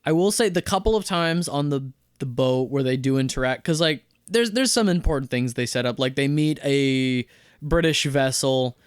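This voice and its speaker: Animated male co-host with a smooth voice. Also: mid-range voice, no echo, studio quality. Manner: animated, acts out scenes in quick voices. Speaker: podcast co-host. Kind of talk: casual film review chat.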